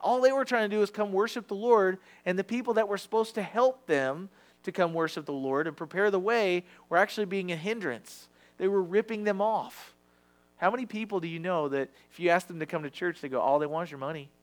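A man's voice: high voice, brisk. A man preaching a sermon in a conversational, confessional way, acting out quoted voices. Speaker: pastor.

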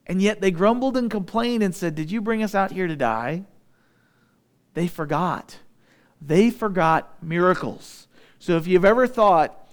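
A man preaching a sermon, animated, acting out voices in his retelling and dropping low and quiet for emphasis. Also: unhurried. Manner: animated preaching, voices the Israelites' grumbling and drops to a low intense tone. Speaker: pastor.

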